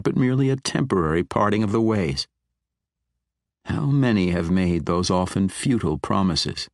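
A man narrating a fantasy audiobook in a measured, expressive way. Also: sits low, no echo, studio quality.

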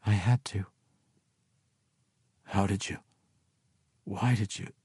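A man voicing a grieving, resolute woman warrior-wizard in an audiobook, speaking softly and measured. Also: fairly low pitch, husky, dry recording. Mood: solemn. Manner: soft, hushed, measured.

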